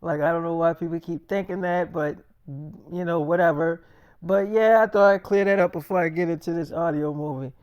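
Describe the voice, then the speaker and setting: A man's voice: a little high, fairly even intonation, moderate pace, clean tone, no echo, dull audio. A man telling an improvised story in a casual, slangy, rambling way, often stumbling and restarting his words.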